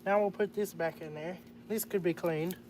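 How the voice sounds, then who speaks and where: A man's voice: sits high, fairly even intonation, normal speed, a little mellow, a little hiss or hum. A man chatting casually to live-stream viewers, muttering to himself as he works on a repair. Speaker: livestreamer. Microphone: phone.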